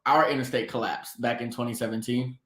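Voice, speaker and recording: A man's voice: medium pitch, steady tone, fairly quick, a bit bright. A man from Atlanta co-hosting a casual sports talk show, riffing playfully on jokes and laughing easily. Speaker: co-host. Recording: echoey room.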